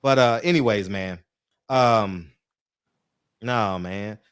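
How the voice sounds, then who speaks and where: A man's voice: on the low side, slow, smooth, no echo, clean studio sound. A man hosting a live call-in show, talking brash, profane and amped up in casual chat.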